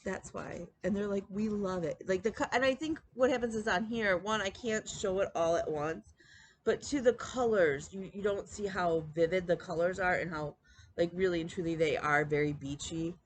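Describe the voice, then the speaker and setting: A woman's voice: fairly low pitch, normal speed, slight background noise. Chatty woman telling a story. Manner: chatty storytelling, lots of fillers and quoted dialogue. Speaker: flosstube host. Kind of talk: casual chat.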